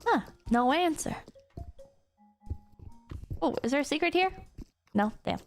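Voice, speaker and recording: A woman streaming a game, chatting casually with her viewers and bursting into excited squeals and laughter. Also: high voice, unhurried, faint music behind. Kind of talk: casual gameplay commentary.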